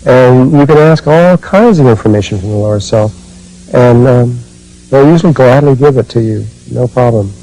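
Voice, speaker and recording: Guy giving a slow spiritual talk, warm mellow voice, lots of uhs and restarts. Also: medium pitch, low-quality recording. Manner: slow, halting, with many fillers and restarts. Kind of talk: spiritual talk, personal recollection.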